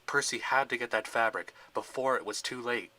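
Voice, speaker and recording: Bright-voiced man narrating a story. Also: mid-range voice, moderate pace. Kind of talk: storybook narration of a Lego fan film.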